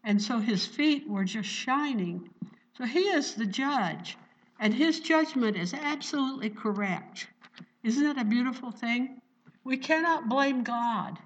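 A woman's voice: fairly high pitch, lively intonation, a little slow, distant mic. A woman pastor teaching a Bible sermon, fervently exclaiming praise and putting rhetorical questions to her listeners. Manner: fervent, exclaims "Praise the Lord" and "Hallelujah" often. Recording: dull lo-fi recording.

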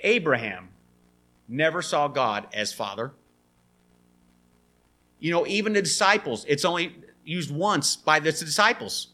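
A man preaching a sermon in an animated way, acting out the quoted voices. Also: a little high, a little slow, long pauses.

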